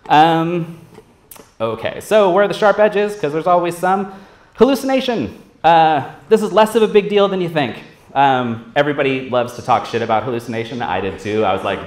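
A man giving a casual, profane conference talk on stage, acting out quoted voices as he goes. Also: on the high side. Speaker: conference speaker. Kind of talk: live tech conference talk. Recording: roomy hall echo.

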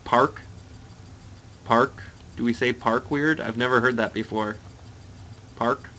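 A man's voice: medium pitch, steady tone, moderate pace, sharp tone, muffled recording, a little hiss or hum. A young Canadian man with a Canadian accent, chatting to viewers while he plays a racing game live. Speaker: let's play streamer.

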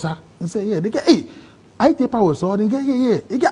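Husky high-voiced Ghanaian man. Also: fast. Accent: Ghanaian English. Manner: animated storyteller, acts out quoted voices. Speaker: interview guest. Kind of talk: emotional personal testimony.

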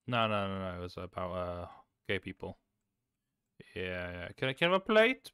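A man streaming a cooking game, chatting casually, swearing and suddenly shouting. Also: sits low, lively intonation, normal speed, pauses often, clean tone, no room sound, studio quality. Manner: chaotic, swears, bursts of shouting. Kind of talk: casual gameplay chat.

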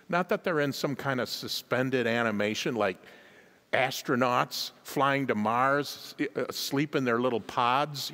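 A man's voice: mid-range voice, fairly bright tone. A man preaching a sermon as a guest pastor in a large church, emphatic, chuckling at his own asides and calling on the congregation to answer. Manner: emphatic, calls on the congregation to respond. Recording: long hall reverb in a church.

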